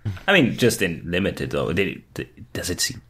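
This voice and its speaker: A man co-hosting a casual podcast, relaxed and chuckling. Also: low voice, a little fast, slightly rough. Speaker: podcast co-host. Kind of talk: casual chat.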